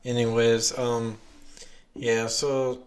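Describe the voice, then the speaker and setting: Slow-talking male podcast host. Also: medium pitch, little pitch movement. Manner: unhurried, lots of ums and restarts. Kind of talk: casual chat.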